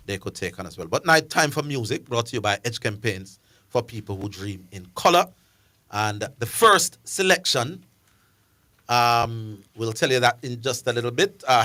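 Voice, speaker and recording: A man's voice: medium pitch, sharp tone. A man with a Jamaican accent hosting a live sports call-in radio show, chatting in a loose, bantering way. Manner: bantering, informal, loose phrasing. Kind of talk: casual live radio chat.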